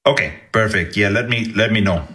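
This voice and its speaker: A man's voice: lowish voice, bright, forceful tone. A man on a phone call putting on a clumsy fake Indian accent while posing as an employer. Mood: casual. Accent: put-on Indian. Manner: halting, casual, says brother. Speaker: producer on a prank call.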